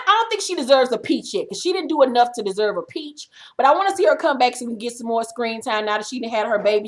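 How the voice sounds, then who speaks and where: A woman's voice: fairly high pitch, fairly bright tone. Brash, foul-mouthed woman ranting. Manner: brash, trash-talking, heavy cursing. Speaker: reality TV recap vlogger. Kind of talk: profane comedic rant.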